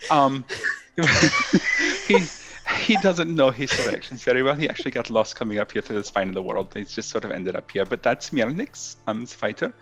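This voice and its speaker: A man's voice: medium pitch, big pitch swings, moderate pace, a bit bright, breathy edge, faint music behind. A man playing a tabletop game, speaking in character in a hesitant way with many ums. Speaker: player. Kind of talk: in-character tabletop role-play.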